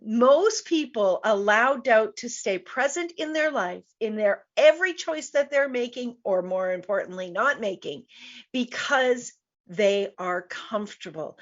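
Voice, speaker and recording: A woman's voice: on the high side, muffled recording. A woman business coach hosting a live online show, speaking emphatically and repeating her key points. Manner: emphatic, repeats key phrases, laughs easily.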